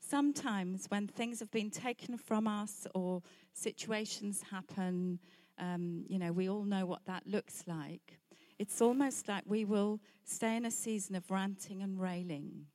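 A middle-aged woman preaches through a personal testimony at an unhurried, slow pace. Her delivery is candid and storytelling, her pitch sits in an ordinary middle range, and she drops in small laughs as she goes. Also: steady tone, a little mellow.

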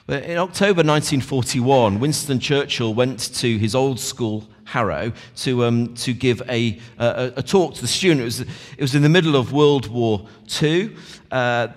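A male preacher of middle pitch gives a morning sermon in an informal, chatty way, often turning to his listeners. His voice rings out with a long, echoing reverb from a church hall. He sounds like he is talking with the people in front of him rather than reading to them. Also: normal speed. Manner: conversational, talks straight to the congregation.

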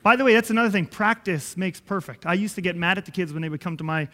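A man giving a conversational sermon-style teaching, telling animated stories that act out dialogue and chuckling often. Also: sits high, very fast. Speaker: Christian preacher and father. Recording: long hall reverb.

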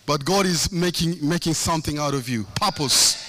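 A man's voice: fairly high pitch, moderate pace, bright, forceful tone, slight background noise. A middle-aged man preaching a sermon, impassioned, with a sing-song cadence and lots of repetition.

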